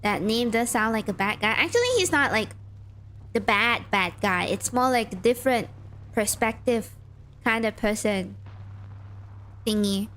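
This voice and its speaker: A woman's voice: on the high side, expressive, a little slow, long pauses, fairly bright tone, slight background noise. Chatty woman streamer thinking aloud. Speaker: streamer playing a game. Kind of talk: casual gameplay commentary, reading game text aloud.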